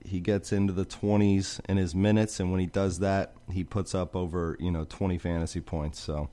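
Guy with a lowish smooth voice going thru fantasy picks, calm and methodical. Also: normal speed. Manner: steady, methodical, lists players and prices. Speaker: co-host picking fantasy lineups. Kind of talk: casual podcast chat.

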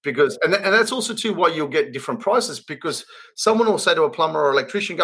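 A man's voice: fairly high pitch, expressive, quick pace, fairly bright tone, breathy edge. A man with an Australian accent hosting a podcast, talking earnestly about his trade business with many restarts and rambling asides. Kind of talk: casual podcast chat.

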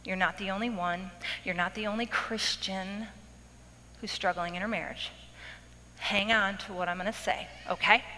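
A woman giving a testimony talk to a women's audience, dramatic and laughing often, acting out her past self in sudden high outbursts. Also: fairly even intonation, normal speed, pushed and bright. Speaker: speaker addressing a women's audience. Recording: echoey hall with faint noise.

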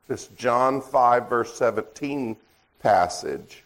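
An older man, a guest preacher, opening his sermon in a relaxed, joking, self-deprecating way before turning to scripture. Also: on the low side, measured pace. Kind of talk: sermon with dad jokes.

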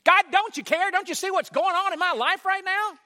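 A man's voice: very high-pitched, fairly quick, pushed and bright, pitched above the performer's own voice, exaggerated voice. A man voicing a worn-out churchgoer who pleads and complains to God. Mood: aggrieved.

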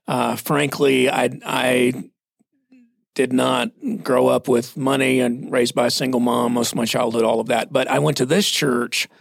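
A man's voice: medium pitch, little pitch movement, measured pace, creaky, dry recording. A man in his forties, a pastor, telling stories in a plainspoken, self-deprecating way in a casual church podcast chat.

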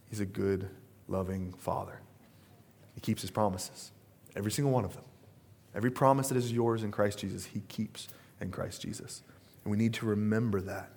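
A man's voice: on the low side, gravelly, darkish tone, a little hiss or hum. Casual, chatty man preaching a sermon. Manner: conversational storytelling with frequent fillers and asides. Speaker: pastor.

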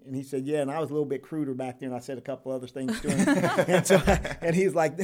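A man's voice: on the high side, fairly even intonation, fairly quick, hardly any pauses, a little mellow. A retired correctional officer, an older man, telling his life story in an interview, with many ums, restarts and laughs. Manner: rambling, with frequent ums and restarts, laughs often.

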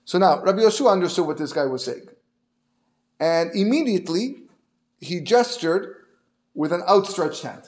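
High-voiced man telling a Torah story. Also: moderate pace, pauses often. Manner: lively, sprinkled with Hebrew terms, frequent restarts. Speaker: Torah teacher.

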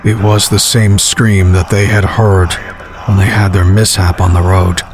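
A man narrating a horror story in a measured, grim storytelling manner. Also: deep voice, flat delivery, music in the background.

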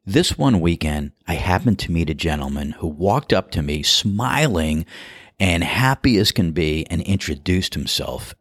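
A middle-aged man, a podcast host, telling a relaxed, chatty, amused story as a golf course starter. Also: low-pitched, unhurried, dry recording, studio quality. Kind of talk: storytelling monologue.

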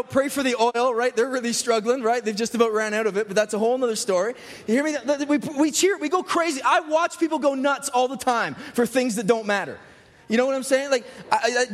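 A man preaching a lively sermon, joking with the congregation and often asking rhetorical questions. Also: very high-pitched. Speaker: pastor. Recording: hall with long reverb.

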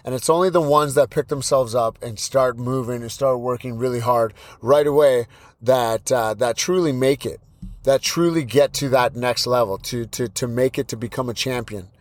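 Man in his thirties, podcast host and fight coach, blunt and repetitive pep talk, mid-pitched voice, dry close mic. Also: moderate pace, no room sound. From British Columbia, Canada. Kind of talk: motivational solo podcast talk.

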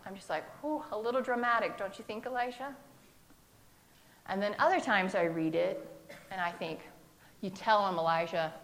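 A woman's voice: on the high side, fairly bright tone. A woman preaching a sermon in a conversational, humorous way, acting out the quotes in her text.

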